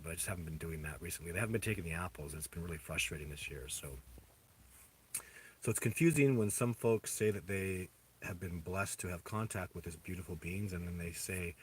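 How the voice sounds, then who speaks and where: A man hosting a casual livestream, answering viewer questions in a rambling, halting way with many restarts. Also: low voice, slightly rough. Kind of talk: casual live chat.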